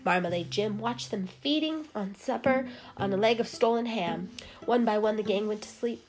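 Expressive woman reading a storybook. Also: mid-range voice, moderate pace. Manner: lively and expressive. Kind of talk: storybook narration. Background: music.

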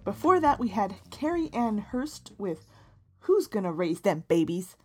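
A woman's voice: medium pitch, very animated, a little slow, mellow, faint music behind. Giggly, playful woman podcast host. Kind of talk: casual banter.

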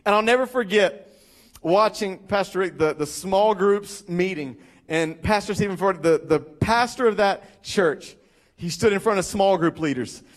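A young male pastor preaching a sermon, telling a story with lively acted-out quotes and emphatic repetition. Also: high-pitched, unhurried. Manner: animated, acts out quoted voices, repeats for emphasis.

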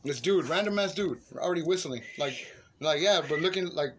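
A man tells a story to his friends in a raised, somewhat high voice, swearing freely and shouting out the lines he acts. The recording carries steady background noise. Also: a little fast. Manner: profane, animated storytelling with shouted reenactments. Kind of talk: casual chat. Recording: noisy room recording.

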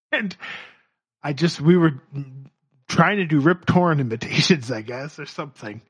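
A man co-hosting a podcast in a laid-back, halting casual chat. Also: fairly high pitch, animated, breathy edge. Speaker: podcast co-host.

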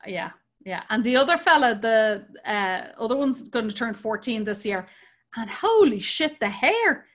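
An Irish woman in her forties, chatting casually and telling profane, lively stories about her kids. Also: on the high side, unhurried. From Ireland. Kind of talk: casual chat.

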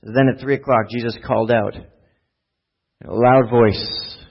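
A man's voice: mid-range voice, fairly even intonation, slow, vocal fry, pauses often, breathy edge, dull audio. A man giving a sermon as a pastor, talking in a casual, conversational way and putting questions to the congregation.

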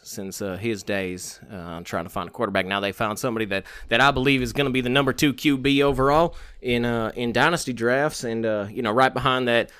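A man co-hosting a podcast, talking in a loose, rambling, folksy way full of homespun sayings. His voice is smooth and resonant. The sound is close and dry. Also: on the low side, a bit bright, no room sound. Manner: rambling and folksy, with country sayings and many fillers. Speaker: podcast co-host. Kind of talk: casual podcast banter about fantasy football.

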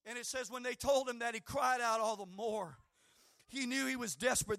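A man preaching a sermon with fervor, swinging between shouting and hushed tones. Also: very high-pitched, normal speed, vocal fry, dry recording, clean studio sound.

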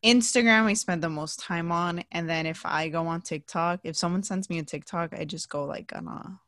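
A young woman co-hosts a casual podcast, chatting freely and often breaking into laughter. She sometimes trails off into a low murmur. The recording is close and dry, with no room sound. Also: moderate pace, a bit bright, dry recording. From southern United States. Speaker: podcast co-host. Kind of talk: casual chat.

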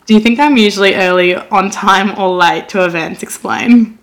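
A woman's voice: mid-range voice, normal speed, a bit bright. A young woman in casual chat, laughing often and swearing freely. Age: young adult. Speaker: co-host.

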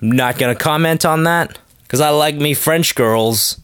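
A man's voice: a little high, measured pace, fairly bright tone, smooth, no echo, clean studio sound. A man hosting a podcast, rambling in a joking, casual monologue and acting out quotes in little voices. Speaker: podcast host.

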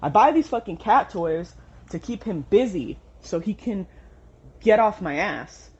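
A woman's voice: mid-range voice, lively intonation, measured pace, a little mellow. Young woman, casual vlog rant, swears a lot, muffled home recording. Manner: frustrated, swears often, rambling. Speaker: vlogger. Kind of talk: casual venting monologue.

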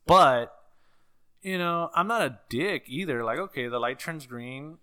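A man's voice: on the high side, animated, measured pace, bright, forceful tone, clean tone. A man, ranting casually on a podcast, swearing and saying "dude" a lot. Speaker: podcast co-host. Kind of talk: casual chat.

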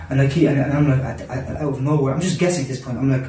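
A man tells a gripping personal story at a rapid clip, circling back on his words and peppering them with Arabic religious phrases. His voice bounces around an echoey room and sits some distance from the mic. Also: mid-range voice, fairly even intonation, mellow. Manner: intense, repetitive, sprinkles Arabic religious phrases. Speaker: guest telling a personal story. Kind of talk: casual podcast storytelling.

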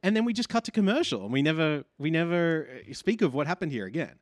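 A man's voice: a little high, fast, dry recording, studio quality. A man co-hosting a podcast, chatting casually and jokily about a reality show, laughing a lot. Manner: animated, jokey, laughs a lot. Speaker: podcast co-host. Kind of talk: casual recap chat.

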